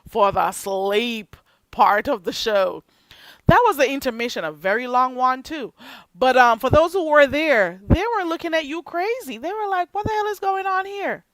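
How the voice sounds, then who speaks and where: A woman hosting a livestream, chatting casually to her viewers with animated outbursts and playful asides. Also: unhurried, no echo. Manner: animated, chatty, drifts between low asides and loud outbursts; slips into Jamaican patois for comic effect. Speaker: livestream host. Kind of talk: casual commentary to live chat.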